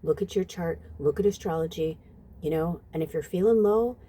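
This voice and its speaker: A woman in her fifties with a low, mellow voice, talking through a tarot reading to camera. She chats loosely with the viewers, calling them "you guys" and letting the odd swear word slip. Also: normal speed. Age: 50s. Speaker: psychic medium and tarot reader. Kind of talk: casual channeled reading to camera.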